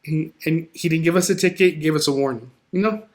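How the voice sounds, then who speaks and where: Guy on a podcast, kinda high voice, tells animated stories and does the other people's lines. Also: brisk. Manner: animated storyteller who acts out quoted dialogue. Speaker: podcast guest. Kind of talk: casual conversation.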